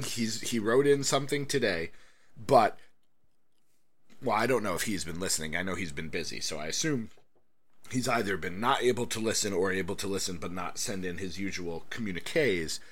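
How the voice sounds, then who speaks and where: A man's voice: lowish voice, moderate pace, a bit bright. An American man co-hosting a podcast, joking casually and reading out a listener's email. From United States. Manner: playful, jokey, slips into a mock posh voice. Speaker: podcast co-host.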